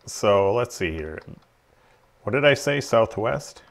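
A man's voice: fairly low pitch, lively intonation, slow. A man chatting casually during a game stream, laughing often and muttering asides. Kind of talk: casual gaming chat.

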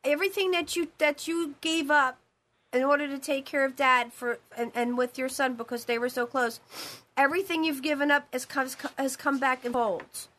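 A woman's voice: high-pitched, steady tone, normal speed, bright, forceful tone. A woman hosting a live call-in show as a psychic medium, talking in a rambling, emphatic way with many repeated phrases.

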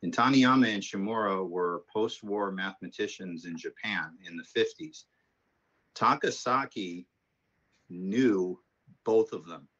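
A man's voice: sits low, a little slow, a bit bright, lo-fi sound. A man teaching a math class, telling rambling stories and then explaining the lesson in a casual way. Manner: rambling anecdotal storytelling. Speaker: math instructor. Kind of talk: casual classroom talk and lecture.

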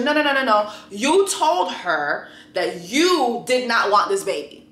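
A young woman hosting a casual review show, talking bluntly and profanely with sudden loud exclamations. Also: on the high side, big pitch swings, measured pace, hardly any pauses, reverberant. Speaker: YouTube show host.

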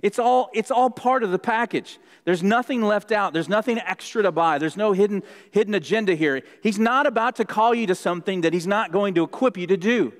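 A male pastor delivers an earnest sermon, repeating key lines so they sink in. His voice sits a little higher than most men's. It rings out with a long reverb through the church sanctuary. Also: fairly quick, hardly any pauses. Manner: earnest, repeats key phrases, shifts pitch for quotes.

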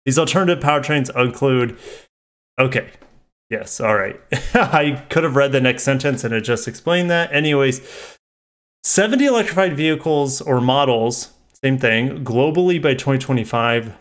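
A man's voice: medium pitch, normal speed. A man hosting a car channel, reading a press release aloud and breaking off into rambling, casual asides and self-corrections.

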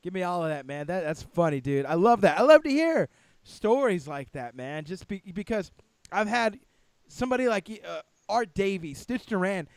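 A man hosting a podcast, talking in an excitable, enthusiastic way and casually tossing in "man" and "dude". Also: sits high, moderate pace, smooth, no room sound. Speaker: podcast host.

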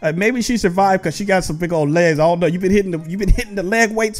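An excitable man commentates his gameplay in a high, bright-pitched voice, talking straight to his viewers. Soft game music plays faintly underneath. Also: quick pace. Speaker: gaming video host.

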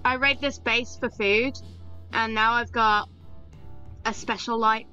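A woman with a British accent, chatting excitably and giggling as she plays an online game with a friend. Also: on the high side, slow, clean tone. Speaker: gamer. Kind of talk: casual gameplay chat. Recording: lo-fi voice chat with faint game music.

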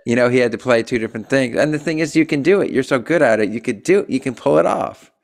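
A man's voice: mid-range voice, expressive, quick pace, gravelly. A man hosting an interview, chatting casually and encouraging his guest with enthusiasm. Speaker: interviewer host.

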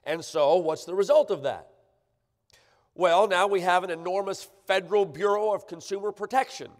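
A man's voice: sits high, moderate pace. A man preaching a sermon, emphatic and often checking in with the congregation. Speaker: pastor. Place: church sanctuary. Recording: church livestream with long hall reverb.

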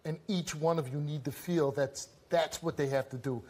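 A man hosting a confrontational talk show on a studio stage, lecturing guests with forceful repetition. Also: a little high, steady tone, moderate pace. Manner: intense, forceful, repeats phrases for emphasis.

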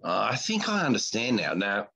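A man co-hosting a comedy podcast, chatting casually in a blunt, crude, deadpan way. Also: on the low side, moderate pace, gravelly, slightly rough. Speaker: podcast co-host.

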